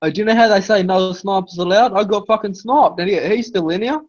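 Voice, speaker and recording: A man's voice: high-pitched, quick pace. A man in an online voice chat, complaining with irritation. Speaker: voice chat participant. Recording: dull lo-fi voice chat audio.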